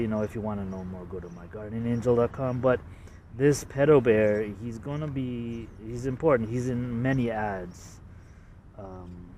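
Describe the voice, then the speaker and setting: A man's voice: mid-range voice, darkish tone, recorded from a distance, a little hiss or hum. A man from Canada casually walking through his drawings, hesitant and self-deprecating, with lots of fillers. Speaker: artist showing his drawings. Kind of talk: casual rambling walkthrough.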